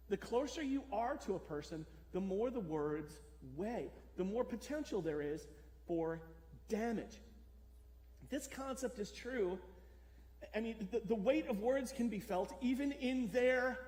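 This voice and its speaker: A man preaching a sermon as pastor, talking conversationally and putting questions to the congregation. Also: high voice. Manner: conversational, asks the audience questions. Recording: echoey church hall.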